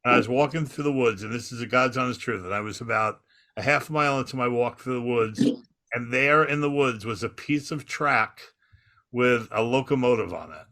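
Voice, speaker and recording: A man's voice: medium pitch, fairly quick, pushed and bright. A man from Long Island, rambling through a travel anecdote on a casual podcast. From Long Island, New York. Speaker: podcast co-host. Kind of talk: casual chat, storytelling.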